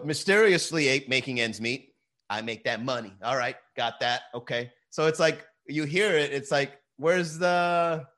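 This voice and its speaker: A man's voice: mid-range voice, a bit bright. A man in his late thirties hosting a podcast, ranting loosely and profanely, calling his listeners bro and man. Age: 30s. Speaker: podcast host. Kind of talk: casual profane rant.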